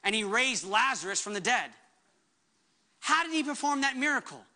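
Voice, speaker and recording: A woman's voice: fairly high pitch, very animated, normal speed, bright, forceful tone. A woman pastor delivering a sermon with emphatic preaching, acting out the words she quotes.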